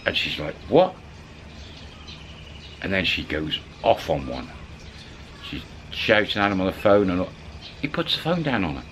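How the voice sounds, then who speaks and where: Man, low voice, chatty storyteller with a faint background hiss. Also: moderate pace. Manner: colloquial, animated retelling of others' words. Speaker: channel storyteller. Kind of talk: casual spoken storytelling.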